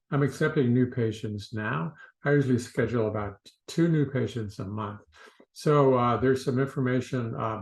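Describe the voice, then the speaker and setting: A man who works as a stuttering therapist, explaining in an unhurried way to camera with frequent filler uhs. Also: mid-range voice, a little mellow, roomy sound, low-quality recording.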